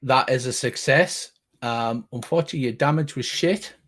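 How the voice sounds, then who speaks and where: A man's voice: mid-range voice, moderate pace, fairly bright tone, slightly rough. A middle-aged man narrating as game master, rambling with frequent restarts and casual swearing.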